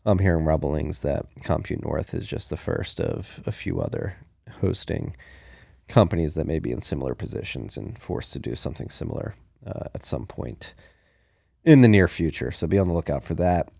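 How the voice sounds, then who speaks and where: A man's voice: extremely low pitch, very animated, moderate pace, gravelly, mellow, no room sound, clean studio sound. A man co-hosting a podcast, chatting casually about the news and thinking aloud with plenty of fillers. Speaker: podcast co-host.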